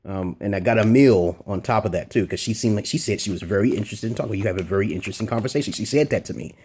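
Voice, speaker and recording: A man's voice: fairly low pitch, quick pace, a little mellow, breathy edge. A man vlogging crude dating advice in a rambling, unscripted monologue, bluntly checking in with "okay?".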